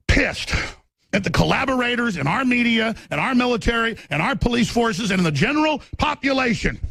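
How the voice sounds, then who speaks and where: A man hosting a talk radio show, delivering a furious, shouting tirade with stammered restarts. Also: high-pitched, vocal fry, breathy edge, no echo. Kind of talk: angry ranting talk radio monologue.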